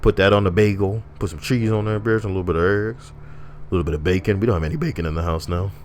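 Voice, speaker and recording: A man's voice: low voice, fast talker, a little hiss or hum. A young man hosting his video channel, chatting loosely with a friend, swearing and putting on mock voices as he riffs. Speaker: YouTube host. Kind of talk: casual banter.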